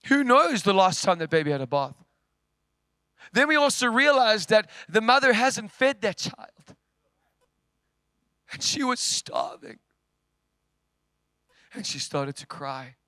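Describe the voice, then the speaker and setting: A male preacher with a high, bright voice tells a story from the pulpit. He swings between loud, forceful lines and near-whispers. The sound is close and dry. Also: very animated, slow, long pauses, smooth, no room sound. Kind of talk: sermon storytelling. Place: church.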